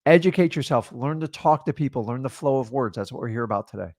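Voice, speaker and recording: A man's voice: mid-range voice, lively intonation, quick pace, darkish tone, no echo, studio quality. A man co-hosting a real estate training, speaking in an emphatic, motivational style with short punchy lines and rhetorical questions. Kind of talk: motivational coaching talk.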